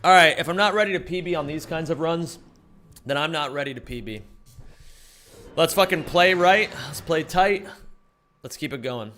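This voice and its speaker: A man's voice: a little high, moderate pace, pauses often, a bit bright. A young man streaming a speedrun, chatting casually with viewers, coaching himself and swearing freely. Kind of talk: casual livestream chat while speedrunning.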